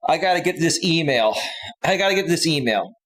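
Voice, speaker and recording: A man hosting a live stream, laughing a lot as he reads chat and loudly thanks donors. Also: a little high, lively intonation. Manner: slow, drawn-out delivery with loud outbursts.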